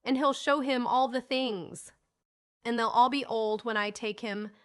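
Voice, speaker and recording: An excitable, bossy young boy from a storybook, read by a woman narrator. He speaks in a high, bright, forceful voice and keeps exclaiming and insisting. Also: unhurried, clear, resonant tone. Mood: excited. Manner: eager, exclaiming, raised voice. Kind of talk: audiobook character reading.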